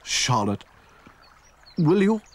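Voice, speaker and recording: A man's voice: fairly high pitch, big pitch swings, extremely slow, pitched above the performer's own voice, heavily acted. Dashing costume hero, cartoon, earnest, reassuring, voiced by a man. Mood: romantic.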